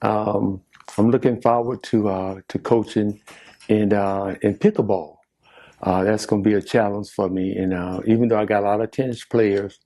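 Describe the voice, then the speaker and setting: Older male coach, gravelly and dark, halting delivery full of "uh"s. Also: on the low side. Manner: halting, many "uh"s and repeated phrases. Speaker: longtime sports coach. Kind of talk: casual interview answers.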